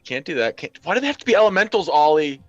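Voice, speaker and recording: A man taking part as a tabletop game player, quick and a little fretful. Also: on the high side, very animated, dry recording, muffled recording, faint music behind.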